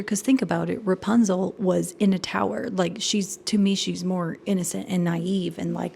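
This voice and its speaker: A woman giving casual performing arts commentary at home, chatty and animated, often laughing and sometimes dropping to a whisper. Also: fairly low pitch, moderate pace, vocal fry, a little hiss or hum. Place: home room.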